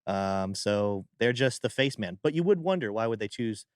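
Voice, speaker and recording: A male co-host chats casually and wryly about politics. His pitch moves around a lot. The sound is dry and close. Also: lively intonation, moderate pace, smooth, dry recording. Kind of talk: casual chat.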